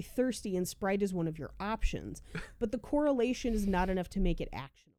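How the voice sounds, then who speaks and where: A woman's voice: mid-range voice, very animated, a little fast, warm tone. A woman co-hosting a podcast, explaining research in a casual, joking way and laughing often. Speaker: podcast co-host presenting research.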